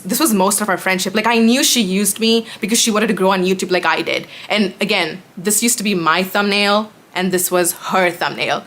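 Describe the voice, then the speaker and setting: A woman YouTuber telling a casual storytime, indignant and animated as she reads out old text messages. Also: mid-range voice, normal speed.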